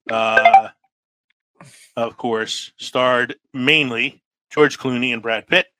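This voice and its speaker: A man's voice: mid-range voice, bright, forceful tone, no echo, rough recording. A man in casual movie chat as a podcast co-host, laughing often and trailing off into fillers.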